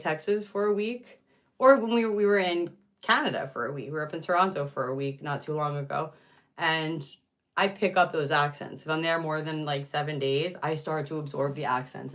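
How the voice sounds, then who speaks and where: A woman's voice: deep voice, a bit bright. A young woman chatting casually with viewers on a livestream, rambling with lots of fillers and easy laughs.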